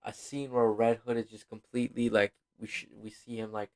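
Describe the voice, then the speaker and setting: A video host reviews a film in a rambling, casual way, packing his talk with fillers and apologies. He sounds tired and yawns. His voice is lowish and level, fairly quick, with a darkish tone.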